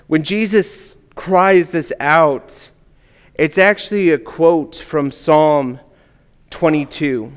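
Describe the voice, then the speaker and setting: Slow, earnest male preacher in a hall. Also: on the high side, smooth. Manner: earnest, drops to a hush at key words. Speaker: pastor. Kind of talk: sermon. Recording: long hall reverb.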